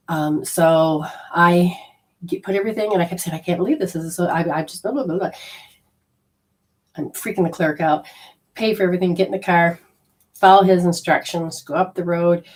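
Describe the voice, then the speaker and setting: A spiritual healer giving a talk, this woman tells a personal story and acts out the quoted dialogue in a chatty manner. Her lowish voice is a little mellow and picked up by a distant mic.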